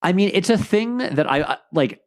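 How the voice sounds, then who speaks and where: Male podcast guest, lively swooping delivery, casual and chatty over a video call. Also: high-pitched, normal speed. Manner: animated, lively storytelling. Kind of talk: casual chat.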